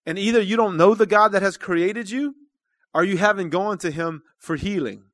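A man preaching a sermon to his congregation. His delivery is earnest and conversational, and it swells into loud calls to the room. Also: high-pitched, moderate pace, dry recording, clean studio sound. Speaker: church minister.

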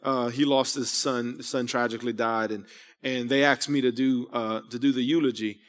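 In a church sanctuary with a big-room sound, a pastor in his thirties preaches in a mid-range voice at a moderate pace with fairly even intonation. His sermon is conversational and rambling, full of asides and rhetorical questions.

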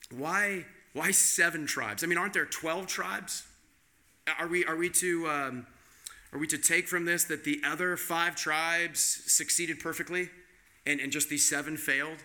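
A man's voice: a little high, steady tone, a little slow, pushed and bright. A male pastor giving a conversational sermon, posing rhetorical questions to the congregation.

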